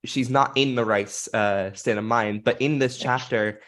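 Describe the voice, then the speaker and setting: A man in a casual discussion who speaks in a measured way and quotes from the source text. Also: mid-range voice, fairly even intonation, a bit bright.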